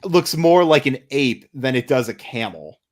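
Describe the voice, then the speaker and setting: A man hosting a casual podcast chat, animated, often stammering and repeating words when excited. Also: mid-range voice, moderate pace. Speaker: podcast host.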